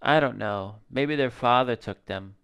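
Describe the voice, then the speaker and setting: A man reading the lines of an exhausted middle-aged mother from a game, in a weary, flat manner. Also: medium pitch, a little slow, gravelly, smooth, muffled recording. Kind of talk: reading game dialogue aloud.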